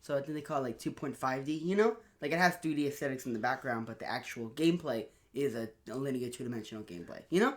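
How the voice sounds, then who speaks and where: A man co-hosting a casual podcast, upbeat and animated, with a lot of fillers. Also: mid-range voice, fast, few pauses. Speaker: podcast co-host. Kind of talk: casual chat.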